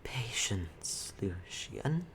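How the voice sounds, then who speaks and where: A man giving voice to an ancient spider-mother oracle who speaks only in a slow, breathy, unvoiced whisper, as in a whispered role-play for a tabletop game. The hush is calm and commanding, unhurried, with faint background noise behind it. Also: lowish voice.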